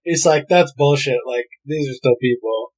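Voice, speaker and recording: A man's voice: medium pitch, normal speed, darkish tone, slightly rough. A man co-hosting a podcast, chiming in with short, blunt remarks and free swearing. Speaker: podcast co-host. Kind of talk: casual book discussion.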